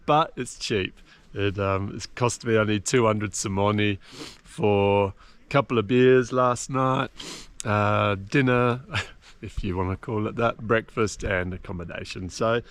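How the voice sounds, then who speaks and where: A man's voice: mid-range voice, dry recording. A man in a casual travel vlog, talking outdoors by a mountain lake in a chatty, self-mocking way. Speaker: travel vlogger.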